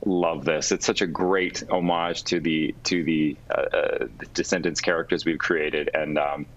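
Male guest, very deep, relaxed, dull remote audio. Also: a little slow. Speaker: actor guest. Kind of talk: remote interview answers.

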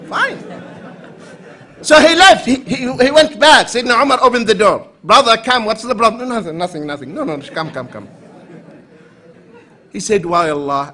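Male lecturer from the Emirates, high, bright and lively delivery, acts out characters in anecdotes. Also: a little hiss or hum. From United Arab Emirates. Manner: animated storyteller, acts out quoted voices for humor. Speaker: Islamic lecturer. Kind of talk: conference lecture with acted anecdotes.

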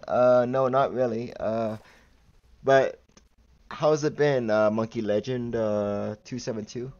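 A man's voice: medium pitch, highs cut off. Giggly young man streaming a game. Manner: giggly, easily excited, chatty with chat. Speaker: gaming livestreamer. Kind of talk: casual gameplay commentary.

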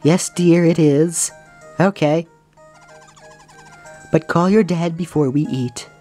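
A woman's voice: deep voice, steady tone, takes it slowly, warm tone, faint music behind. A woman voicing a fussy, sugary but scolding mother Toad from a video game, in a sing-song motherly way.

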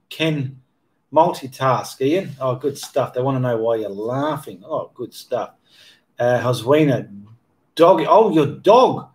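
A man hosting a casual livestream Q&A for his painting channel, reading viewer comments aloud and answering them in a rambling, self-correcting way. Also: mid-range voice. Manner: rambling, stops to correct himself mid-sentence. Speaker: art channel host answering live chat.

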